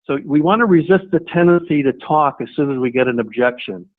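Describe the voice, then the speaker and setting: A man's voice: fairly high pitch, lively intonation, fairly quick. A man leading a sales training webinar, talking conversationally, repeating himself and restarting, and acting out short replies. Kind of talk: webinar presentation. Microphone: webinar audio line. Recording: tinny phone-line audio.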